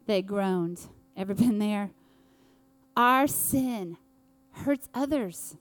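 A woman preaching an earnest sermon with dramatic pauses. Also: high-pitched, no room sound.

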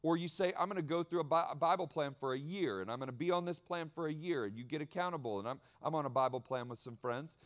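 A male pastor delivering a sermon in a lively, conversational way, repeating key phrases and dropping in casual asides. His voice sits a little on the high side for a man. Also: quick pace, few pauses. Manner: animated, conversational preaching with asides and repetition.

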